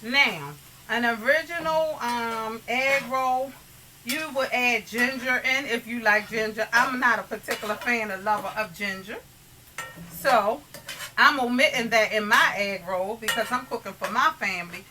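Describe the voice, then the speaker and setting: Her voice on the high side and her pace unhurried, a woman leads a homey cooking lesson in her own kitchen, calling her audience "you guys." Pots, pans and dishes clink throughout, with background noise present.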